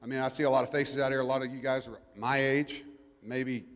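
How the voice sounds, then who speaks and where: A man's voice: medium pitch, little pitch movement, brisk, fairly bright tone, long reverb tail. A middle-aged man gives a folksy, joking talk to a live audience as a guest speaker, rambling a little with restarts. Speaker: guest speaker, cruising family father. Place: event venue before a live audience.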